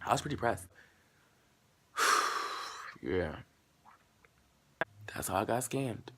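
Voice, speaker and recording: With a husky voice and drawn-out words, a late-teen vlogger tells an animated, foul-mouthed story to camera. He acts out both sides of the dialogue, jumping abruptly in pitch and volume.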